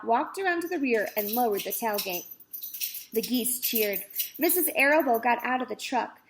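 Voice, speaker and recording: A woman's voice: a little high, slight background noise. Woman reading a children's book aloud. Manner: gentle reading with asides. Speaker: storyteller.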